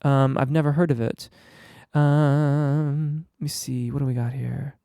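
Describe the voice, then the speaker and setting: Man with a smooth, gravelly voice. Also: medium pitch, measured pace, no room sound, clean studio sound. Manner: relaxed, explanatory, frequent ums and restarts. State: slightly under the weather. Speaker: singing teacher. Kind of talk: live Q&A on voice technique.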